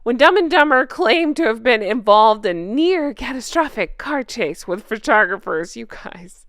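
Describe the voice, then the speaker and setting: A woman's voice: fairly high pitch, expressive, a little slow, a bit bright, no room sound, studio quality. A woman hosting a casual commentary vlog, sarcastic and gossipy, laughing often and reading articles aloud. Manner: reads news articles aloud. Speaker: royal commentary channel host.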